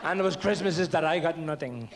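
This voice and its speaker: On a theatre stage, a stand-up comedian tells comic tales from his childhood in a stammering, mock-innocent way. His voice is a little high and a little quick, captured on a noisy old VHS tape.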